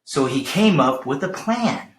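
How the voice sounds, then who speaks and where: A man reading a picture book aloud to children in a gentle, encouraging way. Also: mid-range voice, very animated, measured pace, roomy sound. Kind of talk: storybook read-aloud for children.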